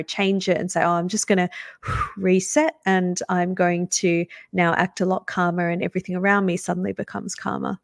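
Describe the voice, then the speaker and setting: A woman in casual podcast conversation, explaining spiritual ideas in an animated, upbeat way. Her voice sits at a middle pitch. It is recorded close and dry, with no room sound. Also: no echo. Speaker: psychic medium, co-host.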